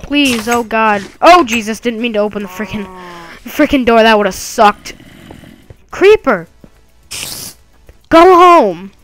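A woman's voice: on the high side, moderate pace, faint music behind. A woman narrating her own game play in a casual way, chatting to the monsters and yelping when she is startled. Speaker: let's play gamer.

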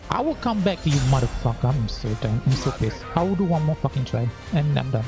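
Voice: medium pitch, big pitch swings, a little fast. A gaming channel host giving let's-play commentary, frustrated and cursing heavily at the game. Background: game music.

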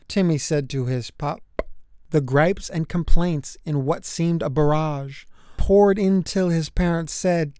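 An unhurried storybook reader with a smooth, clean voice that rolls through rhyming verse with a lilting beat. The characters get playful little voices of their own. The sound is close and dry, with no room around it. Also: medium pitch, dark tone, dry recording. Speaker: children's book reader. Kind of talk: storybook read-aloud.

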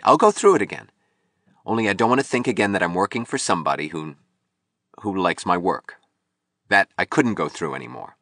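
A man's voice: fairly low pitch, fairly bright tone, no room sound, clean studio sound, heavily acted. A man reading an audiobook, voicing a bitter, broken young male sculptor who pleads and turns suspicious.

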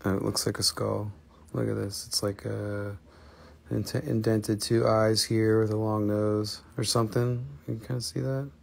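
A man's voice: on the low side, little pitch movement, normal speed, vocal fry, a little mellow. A man hosting a live online sale, talking casually and enthusiastically, rambling and swearing now and then. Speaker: host selling rocks and minerals on a live stream. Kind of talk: casual live sales chat.

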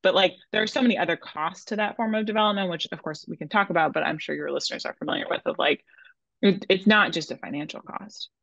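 A woman with a low voice and a gravelly fry talks through her reporting in an easy, conversational way, sprinkling in lots of "like". Her audio is dry, close and somewhat muffled. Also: quick pace, fairly bright tone, dry recording. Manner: chatty, many "like" fillers. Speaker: journalist and author guest. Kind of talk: conversational podcast interview.

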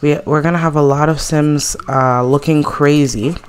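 A woman's voice: low-pitched, fairly even intonation, normal speed, a little mellow. A woman hosting a casual let's play, chatting gossipy commentary over her game and laughing often.

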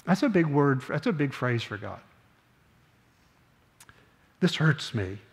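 Older pastor preaching in a reverberant sanctuary. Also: male voice, fairly high pitch, very animated, gravelly. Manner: earnest, slows down on key phrases, conversational asides. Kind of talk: sermon. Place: church sanctuary.

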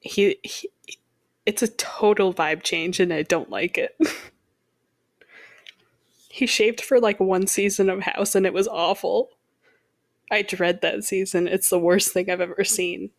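A woman's voice: mid-range voice, steady tone, unhurried, long pauses, dry recording. A young woman co-hosting a podcast, chatting casually in a rambling, jokey way. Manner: rambling, jokey, self-interrupting. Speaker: podcast co-host. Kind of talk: casual chat.

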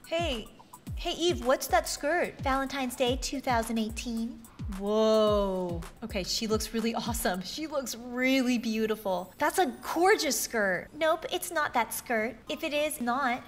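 A bubbly woman chatters through excited gameplay commentary, her voice sitting high and bright as she gushes over every new find. She gasps with delight often and keeps a quick, breathless sense of wonder. Soft music plays faintly underneath her. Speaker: YouTuber showing items in an online game.

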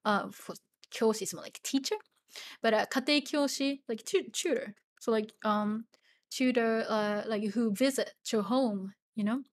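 A tired woman with a Japanese accent, native speaker of Japanese, teaching the language in a casual livestream Q&A, chatty with lots of fillers. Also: fairly high pitch. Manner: chatty, many fillers, laughs often, spells out words.

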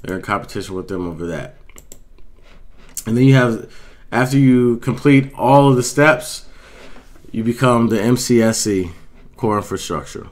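A male IT instructor talks through certification paths in a casual, unscripted way. He speaks at an ordinary middle pitch, pausing on fillers and correcting himself mid-sentence as he goes. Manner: conversational, with frequent fillers and self-corrections. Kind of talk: casual explanatory walkthrough.

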